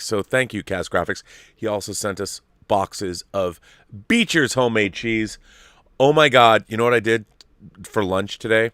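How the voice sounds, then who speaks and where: Excitable man hosting a casual stream. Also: on the low side, no echo, clean studio sound. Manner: excitable, gushing, rambling with restarts. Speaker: host. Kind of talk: casual live-stream chat.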